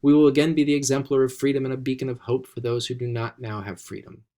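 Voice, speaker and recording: A man in his sixties with an American accent delivering a formal ceremonial speech in measured, rhetorical oratory with emphatic, slowed phrasing. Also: mid-range voice, little pitch movement, mellow. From United States. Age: 60s. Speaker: president giving an inaugural address.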